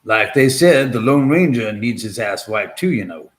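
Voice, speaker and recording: A man chatting on a casual livestream from his home. He rambles, cracks crude jokes and laughs a lot. His pitch swings widely. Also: expressive, normal speed. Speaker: livestream host. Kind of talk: casual livestream chat with viewers.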